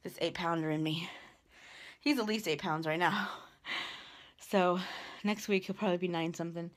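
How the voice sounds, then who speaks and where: A woman's voice: fairly low pitch, steady tone. A young woman, heavily pregnant and out of breath, chatting casually to a phone camera as she shows off a nursery, with lots of fillers and restarts. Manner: chatty, halting with many fillers. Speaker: vlogger. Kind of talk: casual vlog chat. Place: nursery at home, indoors. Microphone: phone held while walking.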